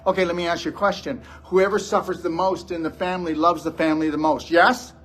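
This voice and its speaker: A man's voice: fairly high pitch, level tone, quick pace, soft background music. A man giving a blunt, scolding motivational lecture to a live audience as a wellness show host.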